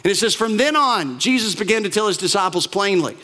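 High-voiced man preaching a lively sermon. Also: fairly quick. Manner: animated storytelling, acts out quoted lines. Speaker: pastor.

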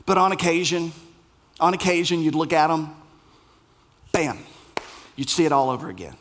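A man preaching a sermon, with emphatic repetition and sudden drops to a hushed voice. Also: a little high, normal speed, slight background noise. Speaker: pastor.

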